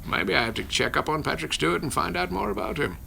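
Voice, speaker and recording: A man with a gravelly edge and a very bright, forceful tone chats through a casual livestream from his phone at home. He rambles and cuts himself off as he answers viewer questions, with light chuckles in between. A faint hiss of background noise sits under the voice. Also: a little high, lively intonation, fast. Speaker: voice actor hosting a livestream Q&A. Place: at home with his children nearby.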